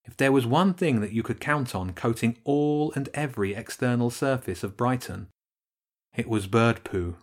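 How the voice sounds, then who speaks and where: A man narrating a children's storybook with expressive storytelling. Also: mid-range voice, normal speed. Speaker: audiobook narrator. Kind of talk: scripted narration.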